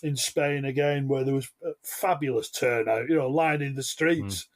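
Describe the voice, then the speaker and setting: A man's voice: medium pitch, normal speed. A man, a football reporter chatting on a podcast, rambling with many fillers. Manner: rambling, lots of uh and you know. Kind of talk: casual football podcast chat.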